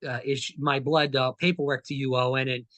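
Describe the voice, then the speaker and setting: A man talking as a podcast guest at a mid pitch. He is casual and halting, often stopping to restart. The close mic sounds dry. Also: flat delivery, fairly bright tone, dry recording. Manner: halting, many fillers and restarts. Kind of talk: casual interview talk.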